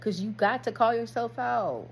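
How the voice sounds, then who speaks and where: A woman's voice: on the high side, expressive, normal speed, vocal fry, slight background noise, low-quality recording. A woman talking candidly to camera, slangy and swearing, laughing at herself as she reflects. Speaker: vlogger. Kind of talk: casual spiritual monologue.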